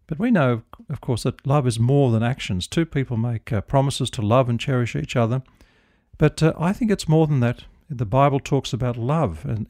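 Casting note: middle-aged minister, gentle storytelling, dry studio sound. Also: male voice, mid-range voice, moderate pace, no room sound. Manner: gentle storytelling, prayerful close. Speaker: devotional host, minister. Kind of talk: radio devotional talk.

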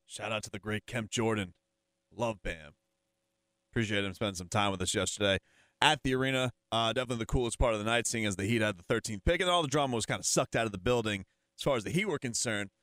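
A man's voice: lowish voice, fast, a bit bright, no echo, studio quality. A man hosting a sports podcast, chatting and joking about the game. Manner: playful, joking. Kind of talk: casual sports chat.

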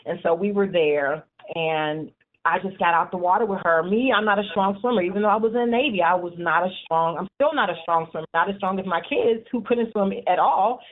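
A woman's voice: lowish voice, a little fast. Chatty woman in her forties on a phone line. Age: 40s. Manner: animated storytelling with frequent "you know". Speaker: support group leader. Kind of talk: casual interview.

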